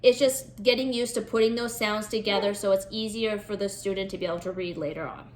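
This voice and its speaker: A woman teaching a first-grade phonics lesson from home, sounding out word parts slowly and clearly for parents and children. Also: mid-range voice, fairly even intonation, a little hiss or hum. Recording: echoey room.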